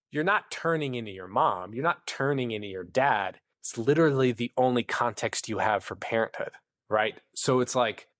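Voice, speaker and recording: A man's voice: medium pitch, a bit bright, dry recording, clean studio sound. A man, a podcast guest, explaining at length in an earnest conversational way, acting out the inner voices of the people he describes. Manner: long-winded, earnest, acts out inner voices.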